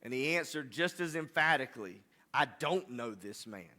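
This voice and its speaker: A man's voice: medium pitch, expressive, moderate pace, pushed and bright. A man preaching a sermon, rising to impassioned, emphatic delivery. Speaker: pastor.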